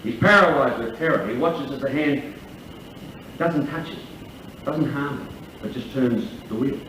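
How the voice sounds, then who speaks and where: A man's voice: mid-range voice, normal speed, a bit bright, slight background noise. A man working as MC at a lunch, telling jokes and spinning a long tall tale with plenty of swearing. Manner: profane, storytelling. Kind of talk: stand-up emcee telling jokes. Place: large function room at a lunch. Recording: echoey live room from far off, dull.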